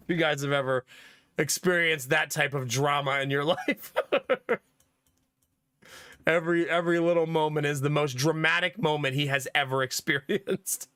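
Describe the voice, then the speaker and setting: A man's voice: a little high, steady tone, normal speed, pauses often, bright, forceful tone, smooth, dry recording, studio quality. A young man casually telling family stories to his stream chat, laughing often as he goes. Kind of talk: casual storytelling to live chat.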